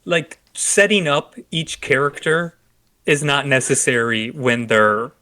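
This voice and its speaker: A young man with a bright, clear-toned voice co-hosts a casual movie podcast. He talks in an easygoing, agreeable way, with plenty of fillers and restarts. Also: medium pitch, slow. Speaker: podcast co-host.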